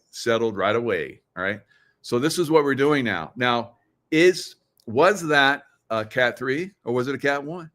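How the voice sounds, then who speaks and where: A man's voice: medium pitch, fairly bright tone. A middle-aged man hosting a live chat to viewers, rambling and conspiratorial, laughing often as he talks. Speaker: livestream host. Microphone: computer mic, screen sharing.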